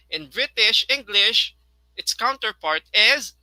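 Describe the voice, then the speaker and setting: A man with a Filipino accent teaching an online lesson, switching between English and Tagalog and repeating words slowly to model pronunciation. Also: high voice, lively intonation, pushed and bright, no room sound, poor audio. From Philippines.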